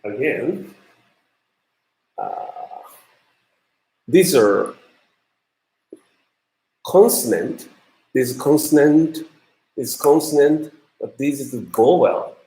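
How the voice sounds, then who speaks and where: Guy teaching a class, slow and halting, lots of ums, echoey room. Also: mid-range voice, lively intonation, mellow. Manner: halting, many ums and uhs. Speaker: university lecturer. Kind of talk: classroom lecture on pronunciation.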